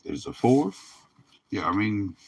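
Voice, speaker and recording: Weary male stream host, slow and easygoing, chuckles between card reveals. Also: lowish voice, very animated, darkish tone, husky. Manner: laid-back, drawling, laughs often. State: tired, yawning. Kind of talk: casual livestream commentary.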